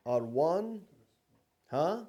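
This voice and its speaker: A man teaches a classroom lecture. He keeps asking the class questions and repeats each key term several times, and his pitch swings widely. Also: sing-song, drawn-out words, warm tone.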